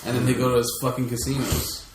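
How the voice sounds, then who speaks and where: A man's voice: mid-range voice, steady tone, fast. A man co-hosting a podcast in casual chat, giving rambling, opinionated rants with swearing. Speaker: podcast co-host. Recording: echoey room with faint background noise.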